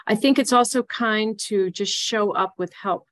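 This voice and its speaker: A woman guest on a podcast interview, explaining grief support in an earnest, gently instructive way. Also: medium pitch, measured pace. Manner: earnest, gently instructive, repeats key phrases. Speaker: grief guide.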